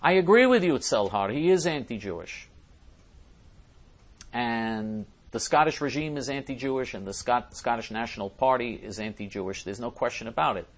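A man's voice: mid-range voice, expressive, normal speed. A man hosting a talk show, reading listener messages aloud and answering them in an emphatic way, often repeating and restarting his phrases. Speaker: host.

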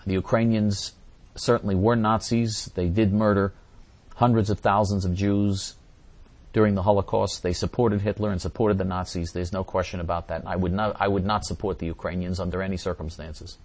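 A man's voice: sits low, level tone, fairly quick, a little mellow. A man hosting a show where he reads forum questions and answers them at length, repeating and restarting words, with heated, emphatic remarks. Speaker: host answering viewer questions.

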